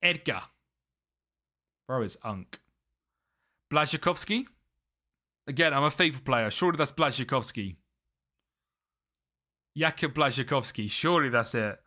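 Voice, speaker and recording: A man's voice: medium pitch, expressive, unhurried, long pauses, pushed and bright. A young British man chatting casually on a live gaming stream, muttering to himself and laughing often.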